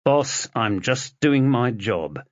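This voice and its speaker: A man's voice: mid-range voice, big pitch swings, takes it slowly, dry recording, highs cut off. A man voicing a weary, stubborn male police detective who speaks tersely and dryly.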